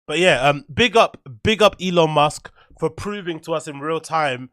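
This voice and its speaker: An excitable man riffs through a casual livestream from his desk, his voice bright and forceful. He sounds a bit high for a man, and the sound is dry and close, with no room around it. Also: normal speed, no room sound. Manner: excitable, slangy, talks to the chat. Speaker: livestream show host.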